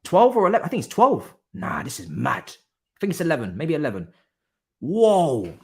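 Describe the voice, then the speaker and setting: A man's voice: on the high side, wildly swooping pitch, fast, creaky, a little mellow. A man hosting a live football watchalong stream, teasing, swearing and laughing at a rival club's defeat. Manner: swears freely in slangy chat. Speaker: streamer host.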